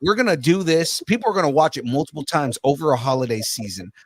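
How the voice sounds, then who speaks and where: Brief: male co-host, animated rant with laughs, higher voice, dry close recording. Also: fast talker, husky, no echo. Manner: ranting, laughs mid-sentence. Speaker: podcast co-host. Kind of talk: casual pop culture chat.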